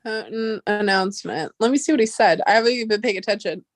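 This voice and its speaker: A woman's voice: medium pitch, fast talker, no room sound. A woman vlogger ranting casually and heatedly, swearing often and rambling with restarts.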